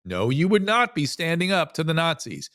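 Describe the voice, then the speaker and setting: A physician from the United States speaking as an interview guest, telling a story animatedly with frequent restarts. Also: male voice, fairly high pitch, very animated, moderate pace, a bit bright, no room sound, clean studio sound. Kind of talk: casual interview conversation.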